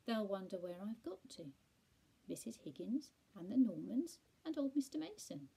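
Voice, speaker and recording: A woman's voice: on the high side, sing-song, moderate pace, vocal fry, warm tone, husky, full character voice. A woman voicing a fat, greedy male house cat who sounds meek and plaintive, in a storybook reading.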